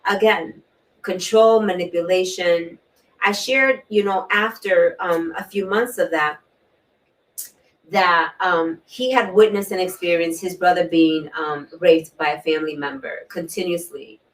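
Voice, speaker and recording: A woman hosting a talk show, sharing a personal story in an earnest way, repeating key words and often clearing her throat. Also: on the low side, fairly even intonation, unhurried. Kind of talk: personal testimony in a panel talk. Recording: distant mic.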